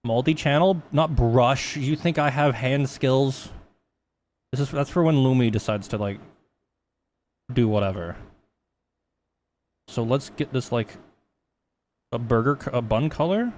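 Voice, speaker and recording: A young man talks his way through a live 3D-texturing tutorial in a medium-pitched voice. His delivery is rambling and loose, full of swearing and jokes at his own expense. A faint background hiss sits under the voice. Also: measured pace, pauses often, a little mellow. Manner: rambling, profane, self-mocking. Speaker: streamer teaching 3D texturing. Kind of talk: casual live-stream tutorial.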